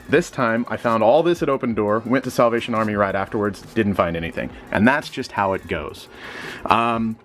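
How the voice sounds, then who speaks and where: A young man from Missouri, a reseller vlogger, rambling casually with lots of fillers and sudden jumps up in pitch, a bit sleepy. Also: a bit bright, slight background noise. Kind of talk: casual chat.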